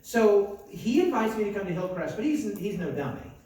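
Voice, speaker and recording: A man's voice: sits high, sing-song, normal speed, dark tone. A young American man, a pastor, telling stories in a chatty, self-mocking conference sermon full of asides and acted-out dialogue. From United States. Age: young adult. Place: large conference hall. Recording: very echoey hall, mic far off.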